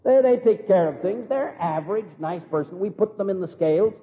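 A man preaching a sermon with animated storytelling and vivid examples. His voice is fairly high and rises and falls widely. The recording is thin and boxy, like a phone line, with a long hall reverb. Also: brisk. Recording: echoey hall over tinny phone-like line.

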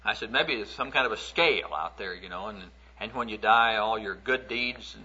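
A man's voice: fairly low pitch, normal speed, sharp tone, slightly rough. A man preaching a sermon through folksy, conversational storytelling, acting out the stories he tells. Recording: dull lo-fi recording.

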